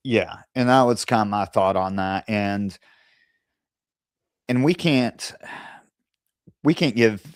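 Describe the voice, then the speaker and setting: A man co-hosting a casual discussion, speaking in a measured, careful way with pauses and fillers. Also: lowish voice, clear, resonant tone, no echo. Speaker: co-host.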